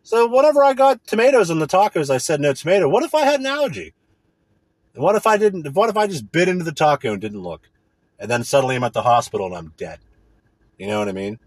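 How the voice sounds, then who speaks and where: Husky man ranting with lively swings. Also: a little high, fast talker, no room sound. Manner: profane, indignant ranting. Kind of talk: casual ranting monologue.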